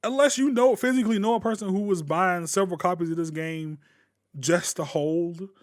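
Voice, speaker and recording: A man ranting casually to camera as a gaming YouTuber, blunt and profane, with sudden loud bursts. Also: high voice, normal speed.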